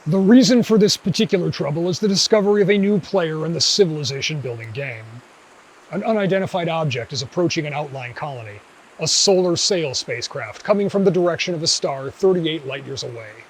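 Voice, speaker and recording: A man, the host of a video essay channel, narrating a scripted commentary in a measured, dryly wry way. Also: fairly high pitch, lively intonation, slight background noise, poor audio.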